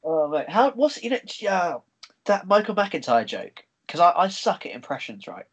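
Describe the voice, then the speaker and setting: A man's voice: high-pitched, slightly rough, rough recording. Chatty podcast host, a man. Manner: chatty, excitable, swearing, quick to laugh. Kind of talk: casual chat.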